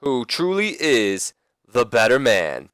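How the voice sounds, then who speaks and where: A man voicing a flamboyant, loud older male wrestling boss who makes sly proposals. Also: mid-range voice, sing-song, takes it slowly, clean tone, dry recording, clean studio sound, pitched above the performer's own voice. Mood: scheming. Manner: showy, shouting, sly proposal.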